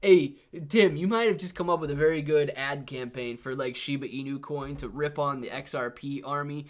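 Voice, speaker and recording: A man's voice: fairly high pitch, moderate pace. A young man hosting a casual live stream, chatting with viewers, laid-back and peppering every sentence with "dude" and "man". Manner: laid-back, says "dude" and "man" constantly, reads chat aloud. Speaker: livestream host.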